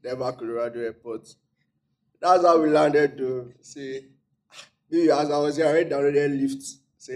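A man's voice: on the high side, normal speed. A Nigerian man, a guest on a chat show, telling stories about his travels with a straight face. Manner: deadpan, straight-faced humor. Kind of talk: casual storytelling.

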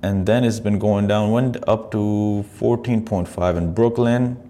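A man's voice: on the low side, measured pace. A man hosting a casual podcast, reacting to video clips with profane, mocking commentary. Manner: profane, mocking, animated asides. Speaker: podcast host.

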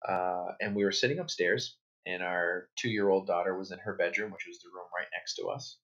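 A man in his thirties, a guest author, telling a personal story in a relaxed, rambling way with many fillers and restarts. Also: low voice, normal speed. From New Hampshire, United States. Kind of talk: conversational interview storytelling. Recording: dull lo-fi audio.

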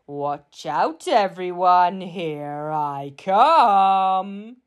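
Female reader as storybook giant, hungry, booming, slow drawn-out chant. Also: lively intonation. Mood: roaring.

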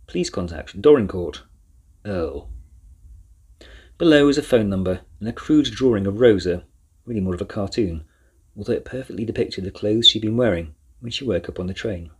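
Man, storybook narrator, very husky voice, low pitch, measured reading. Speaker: audiobook narrator.

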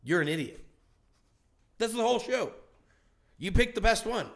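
A man co-hosting a casual podcast, cracking profane jokes and going off on tangents. His voice sits a little high and leaps up and down with every bit. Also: normal speed. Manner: profane, joking, animated rants. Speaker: podcast co-host.

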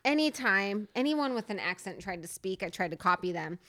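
A woman's voice: mid-range voice, lively intonation, fairly quick, sharp tone. A woman from New Jersey with a slight Jersey accent, co-hosting a podcast in playful casual chat, laughing and swearing. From New Jersey, USA. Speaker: podcast co-host.

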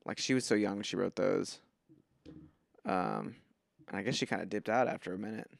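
A man's voice: lowish voice, moderate pace, vocal fry, no room sound, clean studio sound. A man co-hosting a podcast, chatting in a laid-back way. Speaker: podcast co-host. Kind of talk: casual chat.

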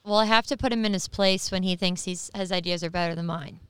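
A young woman hosts a live interview in a relaxed, playful way, teasing with a light touch. Her voice is bright and very crisp, with a mid-range pitch. The sound is dry and close. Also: fast talker, dry recording. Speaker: interviewer, guest host. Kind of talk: live interview, casual chat.

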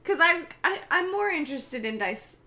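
A woman co-host chatting casually on a podcast, animated and jokey. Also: extremely high pitch, normal speed.

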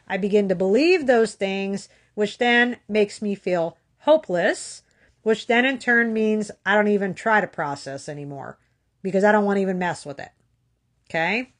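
A woman's voice: mid-range voice, a bit bright. A woman giving a candid motivational talk about weight loss, earnest and frank, with tough-love asides and repeated phrases.

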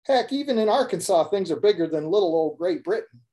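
A man's voice: high voice, animated, a little fast, mellow. A Midwestern man voicing a grumbling, joking Texan man with a Texas accent in a folksy, wry storytelling manner.

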